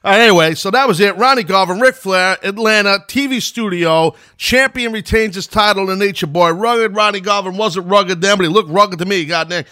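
A man's voice: high-pitched, normal speed, few pauses, sharp tone, dry recording, studio quality. A middle-aged man with a New York accent, hosting a podcast and giving casual, rambling play-by-play of an old wrestling match, drifting into asides. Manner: loose and chatty, wanders into asides.

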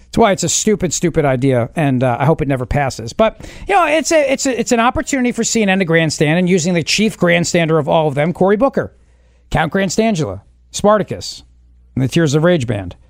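A man hosting a talk radio show, joking and bantering with quick asides. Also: on the high side, dry recording, clean studio sound. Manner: animated, joking, rapid asides. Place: radio studio. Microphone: studio mic.

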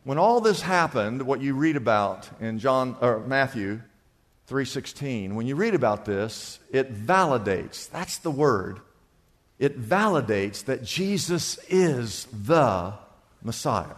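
A man preaching a sermon as pastor, animated, repeating phrases and putting questions to the congregation. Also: mid-range voice, slow. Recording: long hall reverb.

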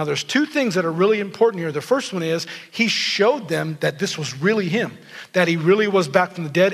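A man preaching a sermon as a pastor, telling the story in animated fashion and acting out the quotes. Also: sits high, in a large hall.

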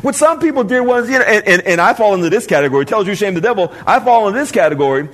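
A male pastor preaching a sermon to his congregation in church, animated, often repeating and restarting words. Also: high-pitched, very fast.

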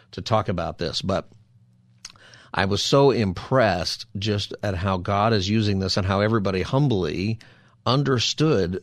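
A man's voice: fairly low pitch, no room sound, clean studio sound. A man hosting a call-in radio show as a pastor, talking in an earnest, conversational way. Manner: earnest, conversational, repeats phone number.

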